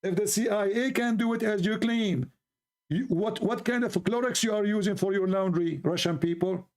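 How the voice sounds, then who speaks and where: A man's voice: high voice, moderate pace, darkish tone. A man giving argumentative commentary, telling a folk tale and mocking his opponents as he acts out their voices.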